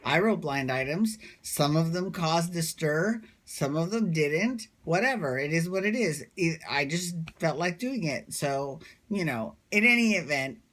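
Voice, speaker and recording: A man's voice: on the high side, fairly bright tone. Chatty man gossiping in a recap vlog. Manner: chatty, rambling, gossipy with many fillers. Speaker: recap vlogger. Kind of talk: casual chat.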